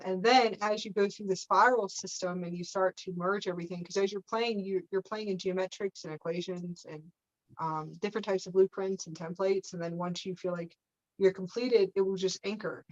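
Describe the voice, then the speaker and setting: A woman's voice: lowish voice, muffled recording. A woman leading a live spiritual teaching session, meandering through her points, often checking in with "okay?" and breaking into playful laughter.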